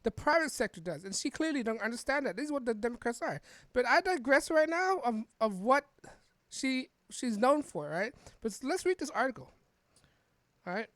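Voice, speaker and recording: A woman hosts a podcast, reading an article aloud and offering casual political commentary, rambling with frequent restarts and tag questions. Her voice is a little high and sing-song at normal speed, with no room sound.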